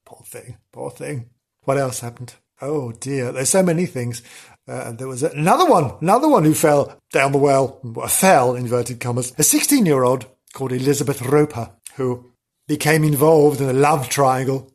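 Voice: medium pitch, normal speed, husky. Gossipy, theatrical comic host. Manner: theatrical, gossipy, full of gasps and oh dears. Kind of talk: comic storytelling.

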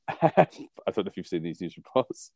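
A man's voice: low-pitched, big pitch swings, a little slow, vocal fry, mellow, no room sound. A man from England co-hosting a rugby podcast in casual chat, rambling and wry, often laughing at his own jokes. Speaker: podcast co-host.

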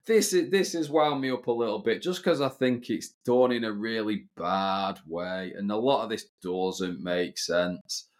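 A man's voice: lowish voice, unhurried. A man co-hosting a podcast, recapping a soap in a sardonic, grumbling way with lots of hesitant fillers. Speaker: podcast co-host. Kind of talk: casual chat recapping a TV soap.

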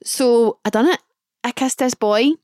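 A woman's voice: a little high, unhurried, a little mellow, no echo, clean studio sound. A woman in her twenties hosting a podcast, telling a story casually and chattily, full of "like" and acting out her own thoughts. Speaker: podcast host.

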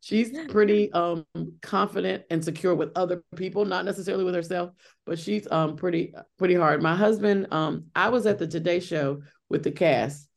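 A middle-aged Broadway actress with a lowish, creaky voice speaks at normal speed in an interview conversation. She talks chattily, with many restarts and fillers.

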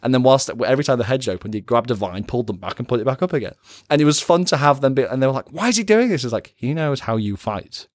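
A man co-hosting a podcast as game master, telling animated stories in casual chat and acting out quotes. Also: medium pitch, fast, hardly any pauses, no room sound, studio quality. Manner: animated storytelling, acts out quotes.

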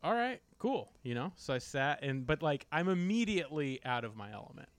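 Casual podcast co-host, American male, lively pitch, dry close sound. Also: fairly quick, dry recording. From United States. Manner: animated storyteller, lots of likes and you-knows. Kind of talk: casual chat.

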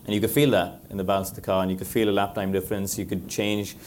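Lower-voiced man telling lively stories. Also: fast talker, slight background noise. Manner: animated storytelling, laughs often. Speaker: former racing driver speaking on a panel. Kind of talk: live panel talk, anecdotal.

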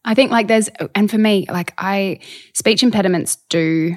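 A young woman from South Australia, a podcast guest, talking in a soft, modest way and laughing often in casual chat. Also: medium pitch, moderate pace.

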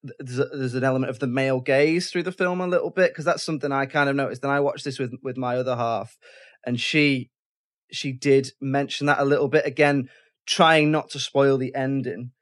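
A man's voice: mid-range voice, fairly even intonation, fairly quick. A man hosting a casual film discussion, chatty and given to restarting his sentences. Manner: chatty, self-interrupting, with frequent restarts. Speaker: podcast host.

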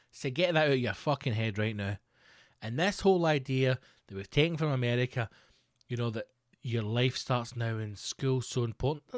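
A man's voice: mid-range voice, no room sound, clean studio sound. A Scottish man hosting a podcast, ranting in a sweary, sardonic, casual way. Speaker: podcast host. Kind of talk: casual comedic rant.

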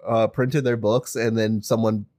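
A man's voice: fairly low pitch, little pitch movement, unhurried, a little mellow, no room sound, studio quality. A man co-hosting a podcast in casual chat, chiming in with jokey wisecracks and questions. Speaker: podcast co-host.

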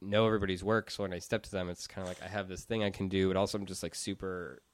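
A man's voice: low voice, level tone, rapid-fire. A young man chatting casually on a podcast, rambling earnestly with lots of fillers, close on the mic. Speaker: podcast network founder.

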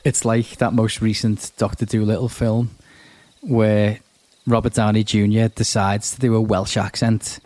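A man's voice: on the low side, flat delivery, a little mellow, no echo. A British man co-hosting a comedy podcast, chatting wryly and laughing easily between reading script lines. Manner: wry, chatty, quick to laugh. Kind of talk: casual comedic chat.

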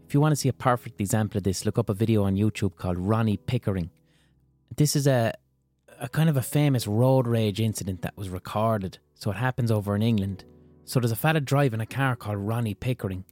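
A man's voice: lowish voice, darkish tone. Blunt, swearing man podcasting. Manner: blunt and conversational, swears freely. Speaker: podcast host. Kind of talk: casual solo podcast monologue.

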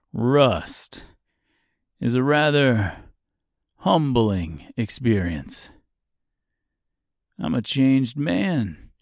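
A mocking, rusted tin man, played by a man, who sneers, curses and chuckles as he drags out his words, low-pitched and unhurried. The audiobook recording is close and dry, with no room sound behind him. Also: darkish tone, no echo. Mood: wheedling. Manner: mocking, swearing, laughing to himself. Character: sly, bitter male tin man, rusted and strung up. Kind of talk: audiobook character voice.

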